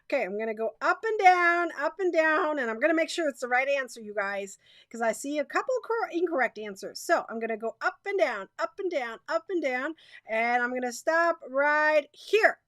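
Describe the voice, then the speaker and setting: A woman's voice: high-pitched, lively intonation, moderate pace, fairly bright tone, no room sound. A woman hosting a live crochet stream, chatting straight to her viewers in a bubbly way, repeating herself and laughing often.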